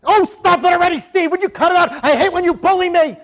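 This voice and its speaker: A man voicing an upset schoolboy who is being bullied, with a shrill, complaining tone. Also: fast talker. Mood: whiny. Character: whiny upset schoolboy victim.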